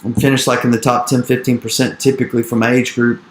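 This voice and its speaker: A man in his thirties telling an animated story in an interview, repeating his phrases and acting out the dialogue he quotes. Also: medium pitch, fast, roomy sound. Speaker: real estate investor speaking to an investor group. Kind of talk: energetic storytelling talk.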